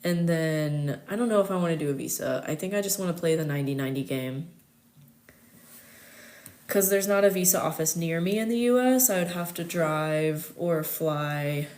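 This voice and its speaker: Her voice is deep and darkish, and she moves at a moderate pace: a young American astrology streamer hosting a casual live chat. She's chatty and giggly, with lots of filler words.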